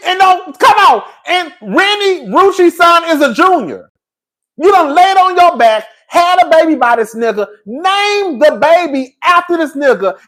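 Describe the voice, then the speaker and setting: A man's voice: very high voice, fairly bright tone. A man hosting a livestream of gossip commentary, talking in sassy, profane, hollering rants straight to his viewers. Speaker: YouTube commentator.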